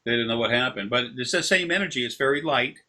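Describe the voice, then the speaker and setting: Guy on a video call, energy healer type, bright voice, rambles on and on in long tangents. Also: medium pitch, expressive, fast talker. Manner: rambling, drifting into long anecdotes. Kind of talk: casual explanation during a session.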